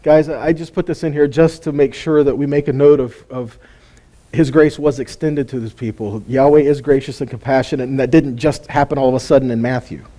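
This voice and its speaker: A man's voice: mid-range voice, steady tone, brisk, warm tone. A man giving an informal sermon teaching, conversational and full of rhetorical questions and chuckling asides. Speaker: Bible teacher.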